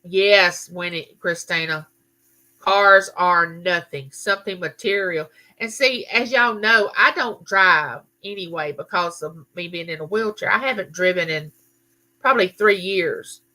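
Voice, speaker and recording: A woman's voice: on the low side, unhurried, bright, forceful tone. A middle-aged woman, telling a story in a casual live chat and answering viewers. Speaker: livestream host.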